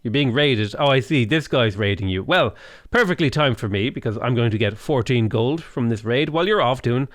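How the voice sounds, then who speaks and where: A man's voice: medium pitch, animated, brisk, no room sound, clean studio sound. A man commentating a strategy game, joking and rambling through asides and breaking off mid-sentence. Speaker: gaming YouTuber.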